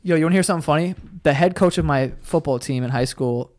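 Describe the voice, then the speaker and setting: Young man, casual chat, profane storytelling, slightly higher voice. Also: fast talker. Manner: animated, profane, frequent "yo" and "like".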